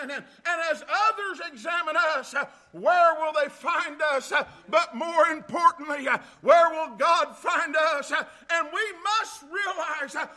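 Fervent high-voiced preaching pastor. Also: male voice. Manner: fervent preaching with frequent "uh" and shouted "glory". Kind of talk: sermon.

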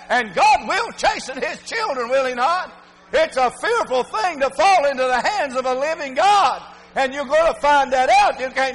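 High-voiced preacher man in reverberant hall. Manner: swings from hushed storytelling to shouted exhortation; plain folksy speech. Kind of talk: fiery sermon.

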